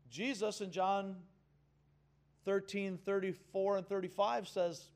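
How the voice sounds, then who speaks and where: A man's voice: sits high, unhurried, darkish tone. A man preaching a sermon in an earnest, emphatic way, calling on the congregation to answer back. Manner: earnest, emphatic, with audience call-and-response. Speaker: pastor.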